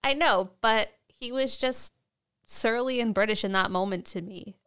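A woman's voice: a little high, normal speed, a bit bright, clean tone. A woman co-hosting a podcast, chatting casually through a TV episode recap, laughing often and acting out characters' lines. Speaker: podcast co-host.

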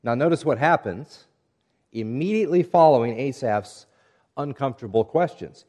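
Earnest male preacher, measured delivery. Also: mid-range voice, expressive. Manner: measured, earnest preaching with scripture readings and soft, hushed passages. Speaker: pastor. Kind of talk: sermon.

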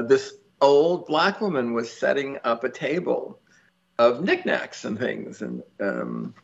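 A man tells a long story as an interview guest, rambling and chatty, with frequent ums and restarts. His voice has a gravelly, creaky edge. The recording sounds somewhat dull and lo-fi. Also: mid-range voice, a bit bright. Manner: laughs easily. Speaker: lottery winner guest.

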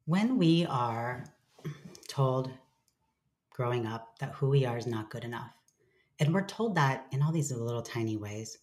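A woman's voice: extremely low pitch, animated, measured pace, pauses often, darkish tone. A woman speaking as a guest in a candid, reflective conversation, swearing casually and acting out her own inner voice.

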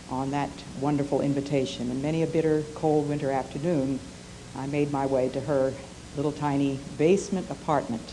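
An older woman preaching a sermon through personal storytelling, speaking in a measured, earnest and reflective way. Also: low-pitched, mellow, a little hiss or hum, poor audio.

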